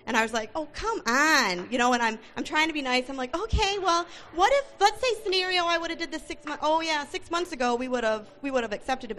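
A middle-aged woman giving a church testimony, telling her story in an animated way and acting out the dialogue. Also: a little high. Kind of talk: testimony sermon.

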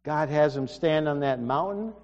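A man's voice: on the high side, normal speed, a little mellow. A man preaching a sermon, earnest and emphatic, often restarting his sentences. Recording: dull reverberant hall recording.

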